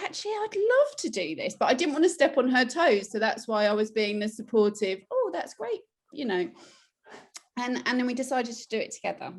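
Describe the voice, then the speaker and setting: Woman, middle pitch, chatty guest who acts out her own quotes. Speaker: newly trained children's relaxation coach. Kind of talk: casual interview chat.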